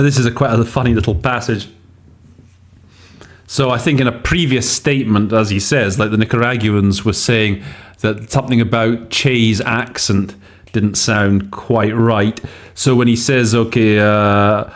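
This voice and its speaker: A man hosting a podcast on interpreting, explaining word choices casually and thinking aloud with frequent hesitations. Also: on the low side. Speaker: host and interpreting teacher. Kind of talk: casual teaching podcast commentary.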